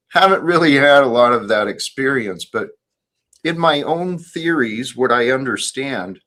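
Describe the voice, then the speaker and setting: A man hosting a casual chat show, with a bright, forceful tone. He talks in a measured, reflective way and stays earnest as he explains his views. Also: mid-range voice. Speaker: host.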